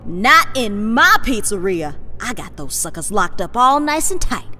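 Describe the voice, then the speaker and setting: A man's voice: high-pitched, sing-song, measured pace, voice pushed down. A man doing a smug pizzeria manager. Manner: smug, self-assured. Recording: loud background noise.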